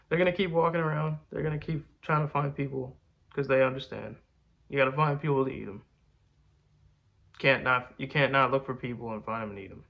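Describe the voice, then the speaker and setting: A man's voice: mid-range voice, brisk, vocal fry, muffled recording. A young man chatting casually, rambling and boastful, full of slang like bro and man. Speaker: rapper answering fan questions. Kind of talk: casual chat.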